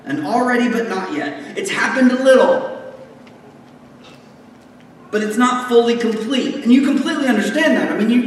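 A man's voice: very high-pitched, expressive, normal speed, long pauses. A man preaching a sermon in a conversational way, joking and making asides as he explains scripture. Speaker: pastor. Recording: echoey hall, distant mic, faint room noise.

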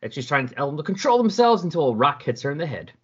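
Animated man recapping a comic. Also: fairly high pitch, quick pace, slightly rough. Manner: animated, jokey storytelling. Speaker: podcast host. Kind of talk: casual comic book recap. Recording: dull lo-fi recording.

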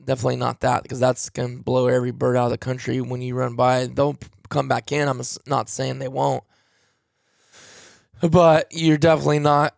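Male podcast host, mid pitch, gravelly texture, dry sound; tired, rambling, casual delivery. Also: dry recording. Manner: rambling, conversational, many fillers. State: tired, yawning. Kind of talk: casual solo podcast talk answering a listener.

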